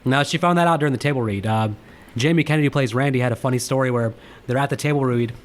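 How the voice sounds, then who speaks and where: A man's voice: mid-range voice, racing. A man co-hosting a casual movie podcast, chatty and rambling as he shares film trivia. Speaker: podcast co-host.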